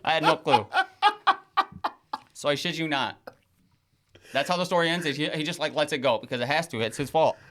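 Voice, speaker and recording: A man's voice: a little high, fast. A young man and podcast co-host, telling a story in casual chat, swearing freely and acting out other people's lines. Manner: animated storyteller, swears freely, acts out his father's rants.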